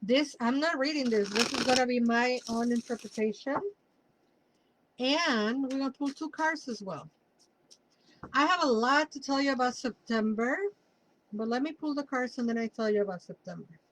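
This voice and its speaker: A woman's voice: a little high, normal speed, poor audio. Chatty woman with a Mexican Spanish accent. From Mexico City. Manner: chatty, rambling, drifts into personal asides. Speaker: tarot reader. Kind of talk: casual tarot reading for viewers.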